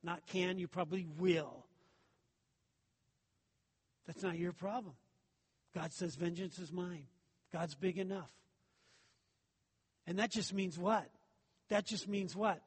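High-voiced preacher man in echoing hall. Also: slow pace, pauses often, husky. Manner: conversational preaching with rhetorical questions. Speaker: pastor. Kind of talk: sermon.

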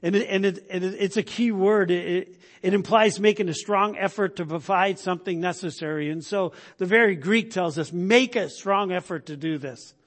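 A male pastor with a fairly high voice delivers a conversational sermon, tossing "right?" to his listeners and restarting his phrases. He swells to loud emphasis on his key points. The sound rings with the long reverb of a church sanctuary. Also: moderate pace. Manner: conversational preaching, keeps asking "right?"; repeats words and restarts, then rises to loud emphasis.

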